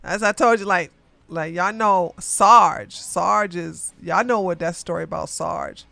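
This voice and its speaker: A woman ranting in a rambling, casual way, animated and profane, often repeating herself. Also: fairly low pitch, unhurried, vocal fry, dry recording.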